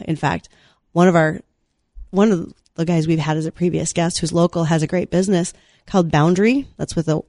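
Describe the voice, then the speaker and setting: A lifelong North Dakotan hosting farm radio, quick with snarky asides and easy jokes. The voice sits at a middling pitch and comes through close and dry on a studio mic, with no room around it. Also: a little mellow, no echo. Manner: wry, snarky, chatty. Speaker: radio farm show host. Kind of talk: casual on-air chat.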